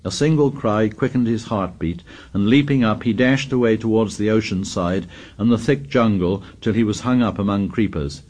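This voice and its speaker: A man with a lowish voice reads a novel aloud as an audiobook. His delivery is measured and dramatic, and he lets sentence endings sink down and soften. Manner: measured, dramatic reading that drops low and quiet at sentence ends. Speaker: audiobook narrator. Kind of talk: scripted narration of a novel.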